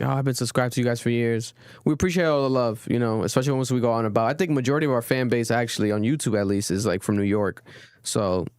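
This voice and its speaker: A young man hosting a podcast in casual, rambling chat, swearing often and getting animated. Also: mid-range voice, clear, resonant tone, dry recording, clean studio sound. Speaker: podcast host. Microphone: studio podcast mic.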